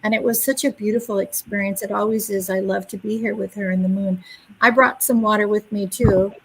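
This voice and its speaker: A woman in her seventies tells personal stories as a guest on a live broadcast. Her voice is husky and a little breathy, sitting in a middle register. She speaks gently and reflectively, pausing often with small filler sounds. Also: mid-range voice, steady tone, poor audio. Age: 70s. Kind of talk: casual personal storytelling.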